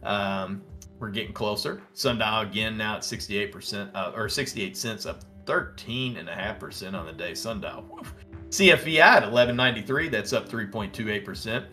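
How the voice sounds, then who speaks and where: A man with a Southern American accent hosting a casual live stock-trading stream, reading out ticker prices and answering viewers' chat with bursts of excitement. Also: fairly low pitch, normal speed, faint music behind. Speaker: stock trading livestream host. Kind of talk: casual live market commentary.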